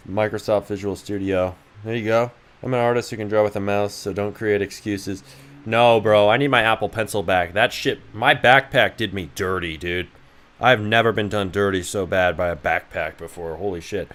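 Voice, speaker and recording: A man from Idaho streams his game development and chats with viewers. He jokes around and swears freely. His voice sits a little low. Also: moderate pace, fairly bright tone. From Idaho, USA. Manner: profane, joking banter with chat. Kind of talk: casual livestream chat.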